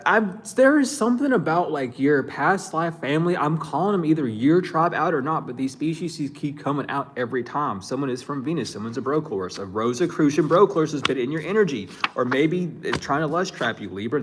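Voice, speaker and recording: A man's voice: fairly high pitch, expressive, fairly quick, hardly any pauses, husky. Chuckling man giving a casual psychic reading. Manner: loose, chuckling, slangy, thinks aloud with restarts. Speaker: psychic reader. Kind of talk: casual spiritual reading to viewers.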